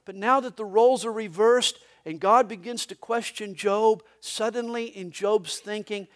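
A man with a Southern US accent preaching a live sermon as pastor. He talks in an animated way, rising loud for God's lines and dropping to a hush. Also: sits high, moderate pace, few pauses. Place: church service.

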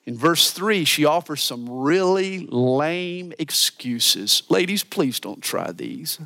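Male preacher, sermon, high voice, animated delivery, hushed asides. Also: slow, gravelly. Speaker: pastor.

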